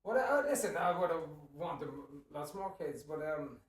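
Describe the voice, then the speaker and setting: A man's voice: on the high side, very animated, moderate pace. A middle-aged Irish man chatting casually as a podcast co-host, swearing freely and leaning on "you know what I mean". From Ireland. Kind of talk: casual chat. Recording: echoey room, distant from mic.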